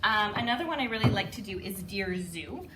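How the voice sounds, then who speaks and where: A woman's voice: mid-range voice, animated, brisk, very noisy. A woman working as a communicative disorders assistant, giving a chatty instructional demonstration, now and then jumping into playful sing-song read-aloud voices. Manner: chatty with frequent "um" and light laughs.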